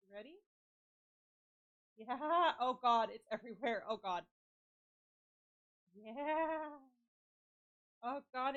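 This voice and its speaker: A woman's voice: a little high, fairly bright tone, dry recording, clean studio sound. A woman live-streaming a game from her home setup, chatting casually with her viewers in a playful, joking way.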